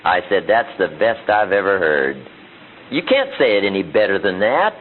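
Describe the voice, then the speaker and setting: A man's voice: deep voice, sing-song, moderate pace, slight background noise. A middle-aged man giving a motivational seminar speech, full of rhetorical questions and acted-out quotes. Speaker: motivational speaker. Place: seminar room with audience. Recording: tinny phone-like archive audio.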